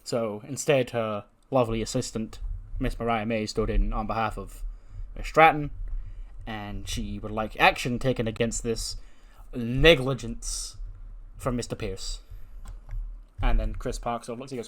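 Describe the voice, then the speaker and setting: Male host recapping his own wrestling storylines, chatty and animated. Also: medium pitch, a little slow. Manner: animated, briefly voices characters while recapping. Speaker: wrestling sim game streamer. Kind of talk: casual retelling of a wrestling storyline.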